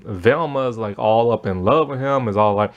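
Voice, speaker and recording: A man's voice: mid-range voice, moderate pace, dull audio. A man giving a casual spoken review of a cartoon, rambling with lots of fillers and frequent laughter.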